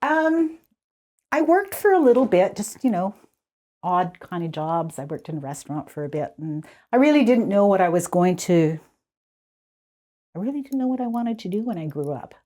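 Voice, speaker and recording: A woman in her seventies from the Squamish Nation, telling childhood stories in a relaxed interview, often laughing. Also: medium pitch, normal speed. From Squamish Nation, Canada. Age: 70s. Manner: animated, laughing, restarts sentences. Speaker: community elder guest. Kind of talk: conversational storytelling.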